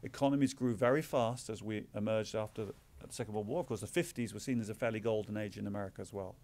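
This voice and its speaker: A man's voice: lowish voice, quick pace, darkish tone. A middle-aged Englishman giving a public talk as a visiting author, explaining with dry, self-deprecating asides. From England. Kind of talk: public lecture.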